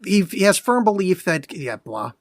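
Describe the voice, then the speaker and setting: Blunt, profane podcast co-host, dry sound. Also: male voice, sits high, big pitch swings, moderate pace, no room sound. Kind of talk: casual chat.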